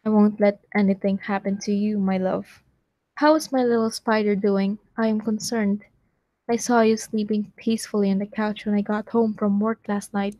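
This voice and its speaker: A woman's voice: medium pitch, steady tone, moderate pace, dark tone, dry recording, lightly acted. A woman reading out the love notes of a tender, devoted male fire monster in a near-everyday voice. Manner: affectionate, sweet-talking.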